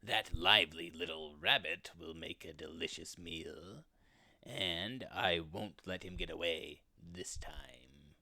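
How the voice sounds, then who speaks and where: A man's voice: sits low, steady tone, unhurried, gravelly, hardly any pauses, bright, forceful tone, dry recording, heavily acted. A man doing a sly, muttering old weasel. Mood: scheming. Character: mean old hungry male weasel, sly.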